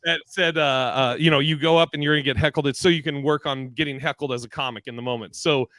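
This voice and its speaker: A man hosting a casual video-call chat among comedians, telling animated stories and acting out the voices in them. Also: a little high, fast, no room sound. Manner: animated storyteller, acts out voices in anecdotes. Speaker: podcast host.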